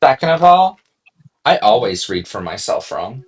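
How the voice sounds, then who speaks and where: A man's voice: mid-range voice, very animated, moderate pace. A tipsy man co-hosting a casual tarot livestream, rambling and full of "you know what I mean", with faint music behind. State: tipsy from drinking. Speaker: tarot reader co-host.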